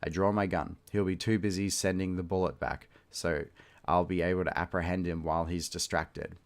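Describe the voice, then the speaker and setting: A man's voice: deep voice, level tone, normal speed. A man reading a short story aloud, with loose, chatty asides where he laughs at himself. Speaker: reader and host.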